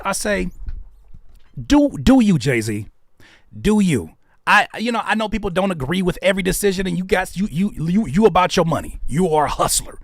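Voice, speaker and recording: A man hosting reaction commentary, swinging between heated ranting and hushed asides. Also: sits high, no echo, studio quality. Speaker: host.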